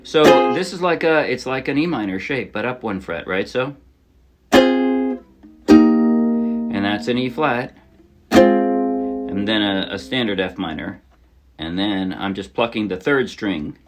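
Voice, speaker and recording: A man teaching a song on ukulele in a relaxed, casual way, often correcting himself as he explains. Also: lowish voice, slow, long pauses, loud music behind the voice. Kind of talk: casual instructional talk. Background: his own ukulele playing.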